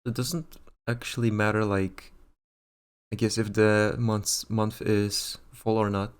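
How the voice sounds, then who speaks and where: A man's voice: lowish voice, flat delivery, takes it slowly, clean tone. A man casually commenting while streaming a game, offhand and chuckling. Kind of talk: casual let's-play commentary. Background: game music.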